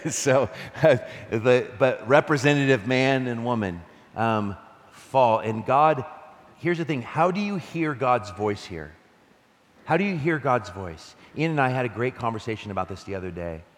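A male pastor preaching a conversational, animated sermon, reading scripture and laughing between points. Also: on the low side, long reverb tail.

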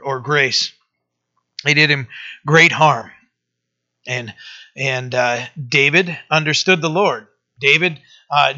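A male pastor gives a relaxed verse-by-verse sermon with a gravelly, bright, slightly raised voice. He talks loosely with plenty of fillers and slows down to read the scripture. The recording sounds dull and lo-fi. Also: on the high side. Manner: conversational, many fillers, reads verses slowly.

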